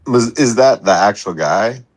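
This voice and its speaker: A man's voice: fairly low pitch, lively intonation, a little slow. A man joining a livestream chat, joking and teasing the host. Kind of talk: casual chat.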